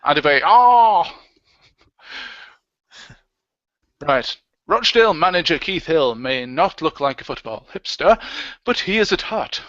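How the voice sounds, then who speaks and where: A man's voice: a little high, expressive, moderate pace, bright, forceful tone, dry recording. A man co-hosting a casual livestream, joking and reading out comments and tweets. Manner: jokey, reads out comments and tweets. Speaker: livestream co-host. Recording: dull, lo-fi dry sound.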